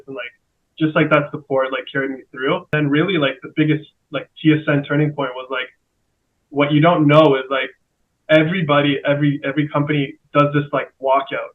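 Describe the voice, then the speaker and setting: Flat-voiced man on a tinny line. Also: on the high side. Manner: halting, filler-heavy storytelling. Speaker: entrepreneur guest. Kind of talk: casual podcast chat.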